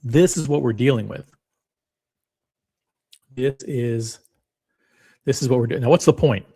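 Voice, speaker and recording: Blunt, animated man reacting. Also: mid-range voice, a little slow, husky. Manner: animated, rambling, blunt and profane. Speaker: watch channel host reacting to clips. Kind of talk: casual reaction commentary.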